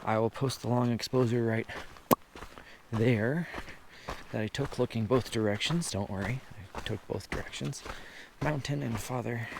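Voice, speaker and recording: Gravelly man narrating his mountain hike. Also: mid-range voice, moderate pace, long pauses, noisy background. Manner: chatty, points out landmarks as he walks. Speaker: hiker filming his trip. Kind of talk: casual narration to camera. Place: outdoors on a high mountain trail. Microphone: action camera.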